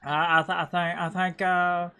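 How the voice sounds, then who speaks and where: A woman's voice: fairly low pitch, level tone, normal speed, sharp tone, clean tone. A woman with an Appalachian accent from Appalachia, chatting casually on a livestream as a game streamer and rambling with stammered restarts and repeated words.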